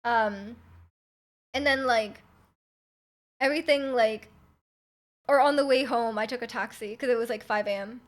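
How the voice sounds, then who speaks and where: Young woman streamer from Canada, high voice, casual rambling chat full of fillers and giggles. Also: unhurried, long pauses. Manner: rambling, many likes and ums, giggly.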